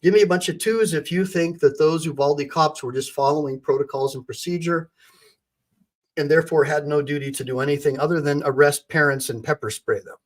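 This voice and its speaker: A man's voice: fairly high pitch, fairly even intonation, brisk. A man hosting a livestream as an attorney, giving emphatic, indignant commentary and calling on his chat for reactions.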